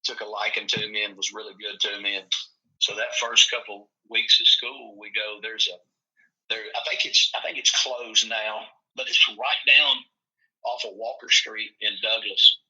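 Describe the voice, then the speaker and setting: Folksy storytelling man, bright lo-fi voice. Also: on the low side, normal speed. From Tennessee. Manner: folksy, animated storyteller acting out quotes. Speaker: football coach. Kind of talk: casual storytelling chat.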